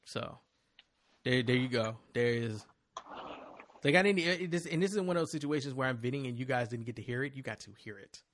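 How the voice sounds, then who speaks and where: A man's voice: mid-range voice, a little fast, fairly bright tone. A man hosting a casual chat, ranting animatedly and swearing freely.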